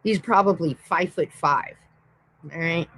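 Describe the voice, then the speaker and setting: A woman's voice: on the low side, a little slow, a bit bright, a little hiss or hum, poor audio. A woman hosting a livestream, telling a rowdy personal story in a rambling, profane, blunt way. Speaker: livestream host. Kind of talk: casual storytelling.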